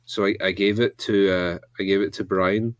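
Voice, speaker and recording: A man's voice: sits low, steady tone, moderate pace, no echo. A man co-hosting a casual podcast chat, telling rambling anecdotes. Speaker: podcast co-host.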